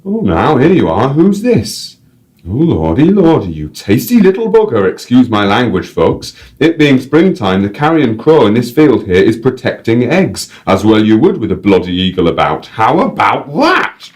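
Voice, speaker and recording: A man voicing a red-faced, jolly male bird-show guide with a Northern English accent, exclaiming and booming as he reads aloud from his novel. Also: huge pitch swings, moderate pace, a little mellow.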